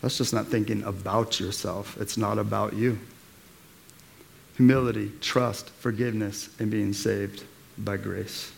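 A man's voice: on the low side, steady tone, unhurried, vocal fry. A man preaching a sermon as pastor, in a casual, slangy way, rallying the congregation. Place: church.

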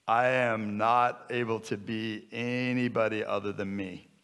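A man's voice: on the low side, flat delivery, measured pace, fairly bright tone, smooth. A man in his fifties preaching a sermon in a conversational, joking way that builds to emphatic repetition. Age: 50s. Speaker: pastor.

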